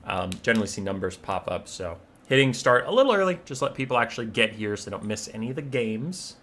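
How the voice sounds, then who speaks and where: A young man hosting a live stream, chatting casually and telling stories in an animated, profane way. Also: medium pitch, fast.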